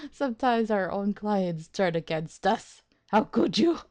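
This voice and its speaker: A woman hosting a game let's play, chatting through it in an animated, playful way, with frequent laughter and rambling asides. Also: medium pitch. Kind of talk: game commentary.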